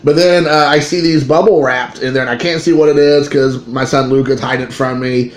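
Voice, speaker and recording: A man, a father in his thirties, telling a card-collecting story in a rambling, excitable way with many restarts. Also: mid-range voice, fairly quick. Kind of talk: casual storytelling to camera. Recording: echoey room with faint ambient noise.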